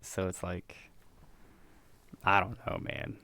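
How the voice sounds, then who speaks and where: A young man co-hosting a podcast in joking casual chat, his voice low and gravelly with plenty of fry. The sound is dry and close, with little room in it, and he drops into mumbled asides. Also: completely flat delivery, slow pace, bright, forceful tone, dry recording. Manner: jokey, mumbly asides, laughs at his own jokes. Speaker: podcast co-host.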